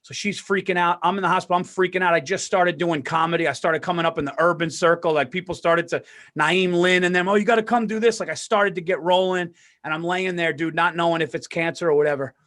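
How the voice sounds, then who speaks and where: A man with a high-pitched voice tells a story on a podcast in a loud, animated way. He swears oaths that it is true and acts out the people in it. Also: quick pace. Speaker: podcast co-host. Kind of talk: casual storytelling.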